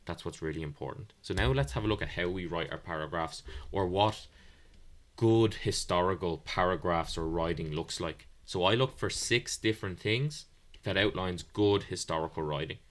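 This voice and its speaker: Low-voiced man teaching history. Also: moderate pace. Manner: explanatory, plain-spoken, with fillers. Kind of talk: online exam revision lesson.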